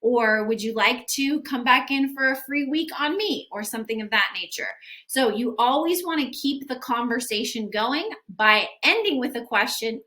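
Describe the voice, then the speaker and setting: Young woman, sales coach, lively conversational delivery, bright voice, slightly high pitch. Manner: upbeat, conversational, acts out text messages. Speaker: sales coach for gym owners. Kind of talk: instructional video talk.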